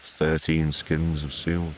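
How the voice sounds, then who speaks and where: A man's voice: a bass voice, completely flat delivery, takes it slowly, a little hiss or hum. A man voicing a tall young male stranger who speaks formally and politely but insists. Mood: insistent.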